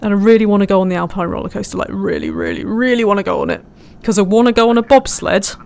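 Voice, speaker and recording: A woman's voice: mid-range voice, very animated, fast, creaky, darkish tone. A woman streamer chatting casually while flying a simulator, giggling often and reading out viewers' messages. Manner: chatty, giggly, reads chat aloud. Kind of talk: casual live-stream commentary.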